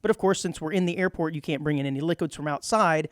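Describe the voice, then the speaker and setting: Casting note: male radio co-host, fairly high voice, jokey, reads news aloud, dry studio sound. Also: fast talker, no room sound. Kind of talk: casual studio chat.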